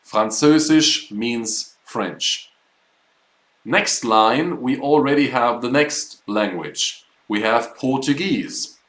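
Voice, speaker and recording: A man's voice: medium pitch, fairly bright tone, reverberant, rough recording. A man teaching a live online German class, explaining words patiently step by step.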